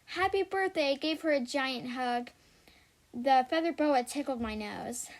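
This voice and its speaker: A woman reading a children's chapter book aloud in a steady, careful storybook manner. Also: sits high, unhurried, rough recording. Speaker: audiobook reader.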